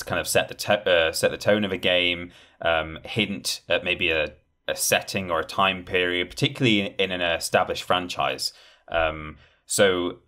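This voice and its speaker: A man co-hosting a casual podcast, retelling things in a rambling, animated way and acting out quotes. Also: low-pitched. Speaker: podcast co-host. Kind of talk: casual chat.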